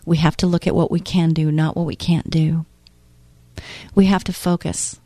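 A woman's voice: deep voice, little pitch movement, moderate pace, warm tone, no echo. A woman in her late fifties hosting a faith-based talk show, speaking in an earnest, encouraging way. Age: 50s. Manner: earnest, encouraging, acts out voices of doubters. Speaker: host.

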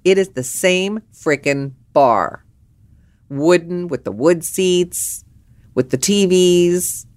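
An older woman telling a personal story in a lively storytelling monologue, acting out the other people's lines with big jumps in her voice. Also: no room sound. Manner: animated, acts out quotes with big pitch jumps.

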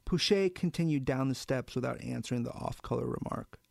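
A man reading a novel aloud in a measured, even storytelling manner. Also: mid-range voice, gravelly, no room sound. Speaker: audiobook narrator. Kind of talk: scripted narration of a novel.

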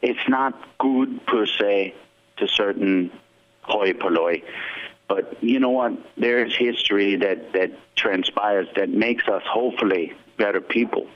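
A man calling in to a radio show, musing slowly and philosophically. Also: lowish voice. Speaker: radio caller. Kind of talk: call-in monologue. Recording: dull phone-in line.

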